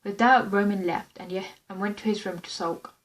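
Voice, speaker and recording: A woman's voice: mid-range voice, fairly even intonation, normal speed, poor audio. Woman casually reading her fan story. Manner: plain unpolished reading with small slips and restarts. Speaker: fan script reader.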